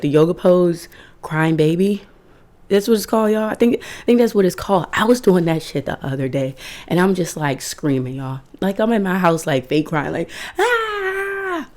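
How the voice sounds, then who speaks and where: A woman's voice: deep voice, a little mellow. A woman in her twenties talking casually and candidly to her viewers, emphatic and swearing freely. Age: 20s. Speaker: vlogger. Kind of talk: casual self-help talk to camera.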